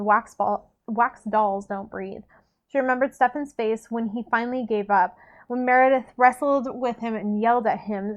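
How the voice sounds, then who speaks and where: A woman casually reading a novel aloud, often stumbling over words and correcting herself. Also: fairly high pitch. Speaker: reader. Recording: dull lo-fi recording.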